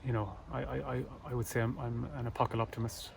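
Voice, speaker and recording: An Irish man co-hosting a casual chat, halting and repeating words with dry humor. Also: medium pitch, level tone, vocal fry, a crowd in the background. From Ireland. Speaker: podcast co-host. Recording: distant mic with faint noise.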